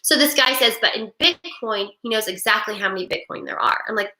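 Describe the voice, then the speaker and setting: A middle-aged woman hosting a webinar, talking in an animated, rambling, emphatic way. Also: on the high side, a little fast. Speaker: webinar host. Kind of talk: casual monologue. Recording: echoey room.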